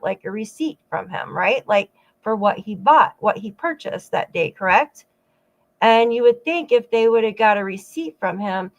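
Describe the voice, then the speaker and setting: A woman's voice: on the high side, lo-fi sound. A woman hosting a true-crime channel, giving rambling casual commentary with frequent asides to her viewers. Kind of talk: casual commentary over clips.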